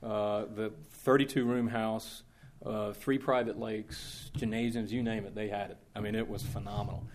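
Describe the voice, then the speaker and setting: A man telling an anecdote to a live audience in a conversational, animated way, acting out the quotes. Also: fairly low pitch, moderate pace, a little hiss or hum. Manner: animated, conversational, with frequent restarts and acted-out quotes. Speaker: speaker recounting diplomatic experiences.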